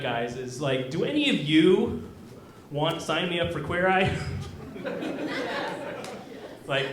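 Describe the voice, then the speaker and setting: Awkward young man doing stand-up. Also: a little high. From Kansas. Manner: awkward, self-deprecating, hesitant with many ums. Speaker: stand-up comedian. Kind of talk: stand-up set. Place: comedy club stage. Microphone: handheld stage mic. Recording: roomy club recording. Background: audience laughter.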